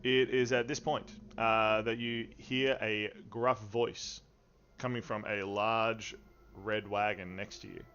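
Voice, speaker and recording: Slow, easygoing male game master. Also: fairly low pitch, little pitch movement, fairly bright tone, a little hiss or hum. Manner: unhurried, easygoing, with frequent fillers and chuckles. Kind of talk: narrating a tabletop game. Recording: dull lo-fi stream audio.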